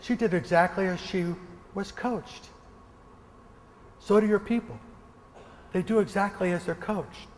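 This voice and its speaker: A motivational speaker from the American Northwest, a man, telling a lively story during a keynote and acting out gunshots. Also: high-pitched, unhurried, long pauses, long reverb tail, slight background noise. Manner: animated, acts out gunshots and quoted voices. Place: large hall before an audience.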